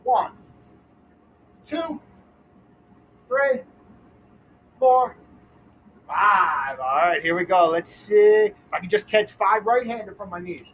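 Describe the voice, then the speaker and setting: A man's voice: high voice, lively intonation, slow pace, pauses often, fairly bright tone, lo-fi sound, slight background noise. A young adult man coaching kids through a ball game outdoors at a school, upbeat and counting catches aloud. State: out of breath.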